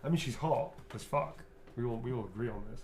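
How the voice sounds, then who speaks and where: Relaxed rambling man, middle-aged, mid-pitched voice, roomy echo, faint hum behind. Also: a little fast. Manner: relaxed, rambling, laughs often. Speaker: actor guest signing autographs. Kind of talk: casual chat while signing.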